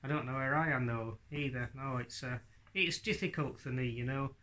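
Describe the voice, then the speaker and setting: A man's voice: mid-range voice, normal speed, sharp tone, lightly acted. A man voicing his own ventriloquist puppet, a confused, cheeky character with a sponge brain who keeps interrupting. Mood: cheeky, daft. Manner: confused, cheeky, interrupting, talked without lip movement.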